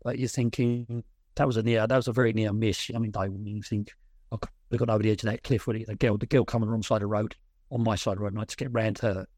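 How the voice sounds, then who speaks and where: Coaching client: man, low-pitched, chatty and rambling, recorded dry. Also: fairly even intonation, fast talker, a little mellow, no echo. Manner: rambling, restarts often, tells anecdotes. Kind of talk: casual chat on a call.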